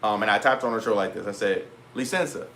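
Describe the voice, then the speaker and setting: With a lowish, gravelly voice, a young man fires off a story to camera for his vlog at rapid speed. He's animated, slangy and profane, re-enacting both sides of the conversations in quoted voices.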